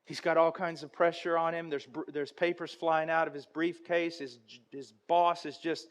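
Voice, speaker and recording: A male preacher with a notably high voice delivers a sermon. He tells stories dramatically and builds to loud, intense passages. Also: little pitch movement, normal speed, vocal fry, hardly any pauses.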